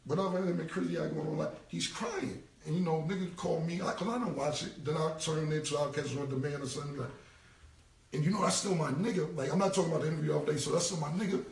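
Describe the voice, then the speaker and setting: Here a rapper in his forties rambles on a livestream, swearing and emphatically repeating himself. His voice is gravelly and a little high. The phone sits away from him, picking him up from far off with a roomy echo.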